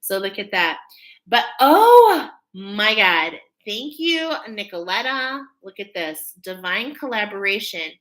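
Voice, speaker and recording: Bright-voiced chatty woman hosting live. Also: mid-range voice, very animated, takes it slowly. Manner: chatty, spontaneous, thinking aloud and laughing often. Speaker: spiritual reader and host of a live stream. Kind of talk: casual live-stream chat.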